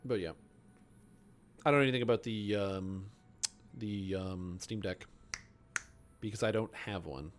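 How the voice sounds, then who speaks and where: A man's voice: lowish voice, a little slow, pauses often, slight background noise. A young man, a game streamer chatting casually and answering his chat with rambling, self-mocking jokes. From Canada.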